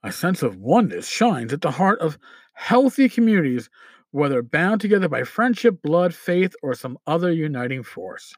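A man's voice: fairly high pitch, sing-song, normal speed, dry recording. A man hosting a podcast in casual chat, rambling and irreverent with asides and profanity, who sometimes stumbles over words as he reads aloud. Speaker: podcast host.

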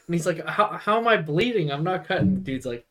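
Talking fast, with big swings in a rather high voice, this young podcast co-host rambles through a movie one scene at a time. He leans on filler words and quotes dialogue along the way in a casual recap chat.

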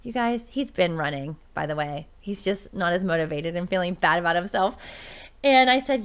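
A woman's voice: on the low side, animated, normal speed, clear, resonant tone. A woman talking as a podcast host and running coach, chatting casually and telling a story in an upbeat way.

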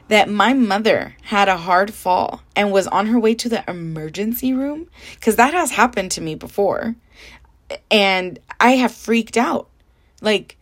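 Her voice runs on the high side as she hosts her own laid-back podcast. She's a young adult from the Southern California desert, and her chatty, candid talk is sprinkled with Spanish and swearing.

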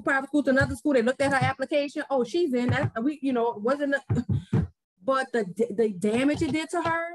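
A woman's voice: high-pitched, no echo, rough recording. A woman, a podcast guest telling a story. She acts out the voices of the people she quotes and often repeats her words. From New Orleans, US. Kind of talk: casual interview conversation.

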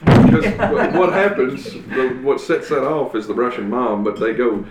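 Animated man telling a story. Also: mid-range voice, a little slow, echoey room, a little hiss or hum. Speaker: podcast co-host. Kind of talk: casual chat.

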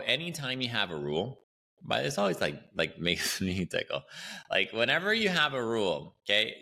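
A man's voice: fairly low pitch, gravelly. A man hosting an educational podcast, talking casually and animatedly as he explains training ideas, often checking in with "right?". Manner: animated and chatty, often tags lines with "right?". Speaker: podcast host and Pilates educator.

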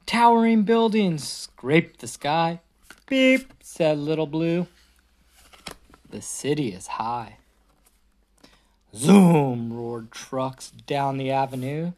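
A young woman reading a picture book aloud at home, animated and sing-song. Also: sits low, slow pace, pauses often.

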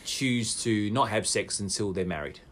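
A man's voice: fairly low pitch, normal speed, a bit bright, a little hiss or hum. A man in casual podcast chat, joking and swearing as he plays out made-up scenes.

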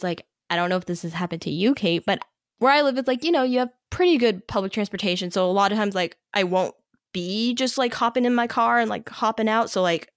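A woman's voice: mid-range voice, no room sound. Young American woman co-host, casual chatter, dry close mic. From United States. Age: young adult. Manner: chatty, frequent "like" fillers. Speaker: podcast co-host. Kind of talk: casual podcast discussion.

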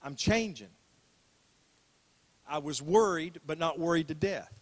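A man's voice: on the high side, lively intonation, a little slow. An older man preaching a sermon as a pastor, talking in a conversational way, repeating phrases and asking rhetorical questions.

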